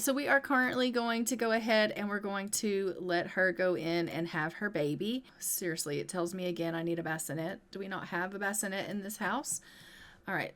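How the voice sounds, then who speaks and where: A woman casually narrating her life-simulation gameplay step by step, chatty and gentle, now and then voicing her characters in quick asides. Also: medium pitch. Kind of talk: casual let's-play commentary.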